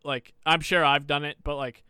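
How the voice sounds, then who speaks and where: A young man co-hosts a laid-back podcast, laughing a lot, imitating customers, ranting and cursing without restraint. His voice is fairly high and steady, sharp and smooth, at a normal speed. The recording is studio quality, with no room sound.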